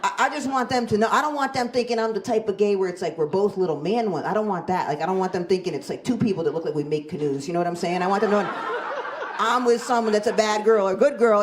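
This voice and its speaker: A woman in her forties doing a stand-up comedy set on a club stage, telling stories in a wry, self-deprecating, conversational way into a handheld mic. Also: mid-range voice. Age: 40s.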